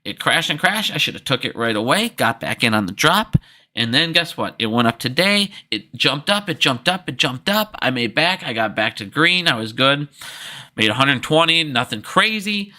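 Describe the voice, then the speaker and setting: A man's voice: mid-range voice, sing-song, normal speed, bright, forceful tone. A young man hosting a stock trading channel, talking in a profane, rambling, heated casual monologue to his viewers.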